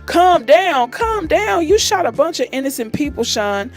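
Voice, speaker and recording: A woman narrator voicing an angry woman who shouts accusations at her partner in a raised, high voice. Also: moderate pace, faint music behind, lightly acted. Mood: furious.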